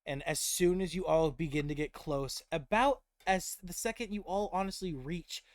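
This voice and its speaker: A man running a tabletop game as game master, narrating in a quick, animated way with restarts. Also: on the high side, no room sound, studio quality.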